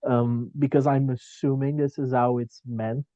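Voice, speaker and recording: A man's voice: medium pitch, flat delivery, a little slow, dark tone, no room sound, lo-fi sound. A man talking as a podcast guest in casual chat, hesitant and hedging, with many filler ums.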